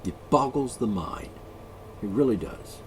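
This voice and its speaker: Sarcastic, swearing man on an animated rant. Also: medium pitch, a little slow, background noise. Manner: profane, sarcastic, mocking. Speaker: vlogger. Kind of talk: angry solo rant.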